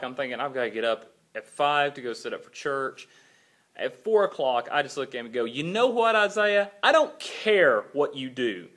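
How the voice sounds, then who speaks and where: A man's voice: medium pitch, fairly bright tone. A father recounting a sleepless night in a casual video blog, retelling his own quoted lines with animation. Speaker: father and church volunteer. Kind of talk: personal video blog storytelling.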